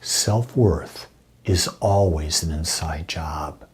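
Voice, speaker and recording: Low, very breathy male minister. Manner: soft, intimate delivery with frequent breathy, whispered phrases; slow, deliberate affirmations. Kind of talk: spiritual talk.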